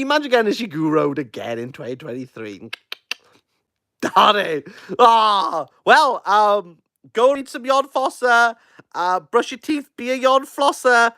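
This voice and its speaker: A Welsh man, a book reviewer, reacting live with excitable, jokey, self-mocking chat. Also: high-pitched, a little slow, no echo, studio quality. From Wales.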